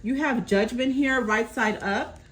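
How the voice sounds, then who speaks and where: A woman doing a casual tarot reading, calmly relaying messages from spirit and often checking in with her listener. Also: fairly high pitch, a little slow, poor audio. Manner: reassuring, keeps checking in with "okay?". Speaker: tarot reader.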